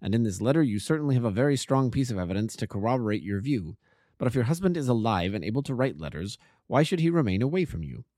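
A man's voice: mid-range voice, big pitch swings, warm tone, dry recording, studio quality, close to an everyday voice. A man reading a keen analytical detective. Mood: probing. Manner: measured, reasoning. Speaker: amateur narrator. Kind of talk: audiobook character reading.

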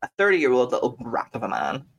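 A man's voice: mid-range voice, huge pitch swings, a little fast, vocal fry, a bit bright, dull audio. A Scouse man co-hosting a podcast, telling stories in a blunt, sweary rant. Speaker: podcast co-host. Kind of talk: casual podcast chat.

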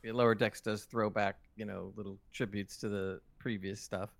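A man's voice: fairly low pitch, level tone, moderate pace, vocal fry, dry recording. A man co-hosting a casual podcast review, easygoing, laughing and recalling older episodes. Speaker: podcast co-host.

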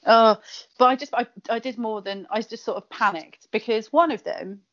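A woman's voice: on the high side, normal speed. Giggly chatty woman from Kent. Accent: Kent English. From Kent, England. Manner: chatty, giggly, lots of fillers and restarts. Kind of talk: casual chat. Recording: slightly dull lo-fi audio.

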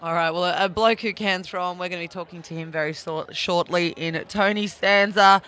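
Bright-voiced man hosting sport talk. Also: high voice, fairly quick. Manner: animated, laughs often. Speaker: podcast host. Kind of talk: casual sports chat.

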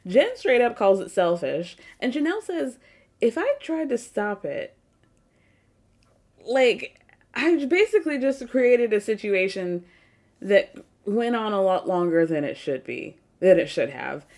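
A woman's voice: mid-range voice, very animated, unhurried, a little mellow. A woman hosting a podcast, recapping a reality show in casual, sarcastic commentary and swearing freely. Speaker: podcast host.

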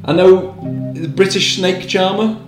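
A man's voice: high-pitched, steady tone, unhurried, soft background music. Chatty man in an echoey room. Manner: playful, self-mocking. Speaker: podcast panelist. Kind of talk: casual chat.

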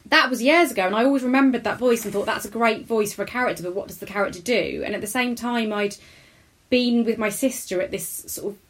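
A woman's voice: a little high, fast. A woman, a character comedian chatting as a guest in an interview, rambling and self-deprecating. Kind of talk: casual interview chat.

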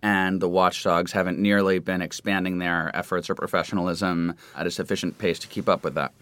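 A man, a journalist, speaking quickly and asking probing questions. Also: low-pitched, level tone, fairly bright tone, clear, resonant tone, no echo. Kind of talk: casual discussion.

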